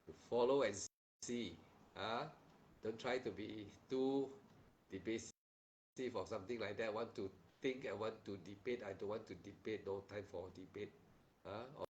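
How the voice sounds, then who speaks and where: A man's voice: fairly low pitch, normal speed, darkish tone, highs cut off, a little hiss or hum. Stern male meditation teacher. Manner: stern and admonishing, with frequent tag questions like "huh?"; repeats phrases and restarts sentences in plain, simple wording. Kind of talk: guided meditation instruction and dharma talk.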